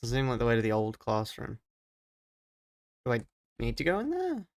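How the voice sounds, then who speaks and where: A man's voice: medium pitch, wildly swooping pitch, moderate pace. Rambling Australian man streaming a game. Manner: rambling and self-mocking, thinks out loud. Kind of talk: live let's-play commentary.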